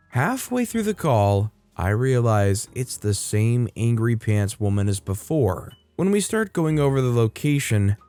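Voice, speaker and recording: A man hosting a story channel, reading stories aloud in a brisk, upbeat narration style. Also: fairly low pitch, a little mellow.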